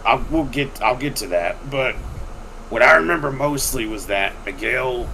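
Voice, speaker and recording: A man tells a long story on a podcast, swearing freely and acting out the people in it. His voice is bright and gravelly, and his pitch jumps around. A faint air-conditioning hum runs underneath. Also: normal speed, rough recording. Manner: animated, profane, acts out quoted people. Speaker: podcast host telling a story. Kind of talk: casual storytelling.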